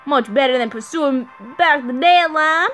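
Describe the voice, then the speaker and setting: A pompous lion-headed king , put on by a woman, who holds forth in a big flat monotone. The voice sits fairly high for all its bluster. Faint music plays underneath. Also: unhurried, heavily acted. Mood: gleeful. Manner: grandiose, speechifying.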